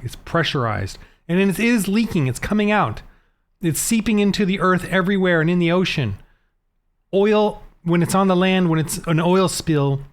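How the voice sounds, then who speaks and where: A man hosting his own channel, delivering an indignant, repetitive solo rant to the camera from indoors at home and jumping to loud emphasis now and then. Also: on the high side. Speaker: channel host.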